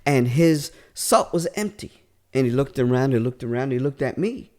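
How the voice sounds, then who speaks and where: A man from California telling funny stories in a casual chat, animated, laughing often and restarting his sentences. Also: medium pitch, moderate pace. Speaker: comedian guest.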